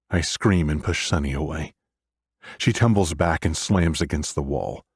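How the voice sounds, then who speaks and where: Deep, husky male audiobook narrator. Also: normal speed, darkish tone, no room sound, clean studio sound. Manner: brooding, intense. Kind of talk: first-person audiobook narration.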